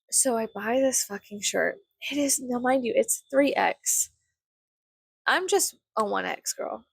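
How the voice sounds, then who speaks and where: A woman's voice: mid-range voice, gravelly, fairly bright tone, no room sound, studio quality. A young woman rambling casually to camera, swearing freely and acting out her own thoughts with self-mocking humor. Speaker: vlogger.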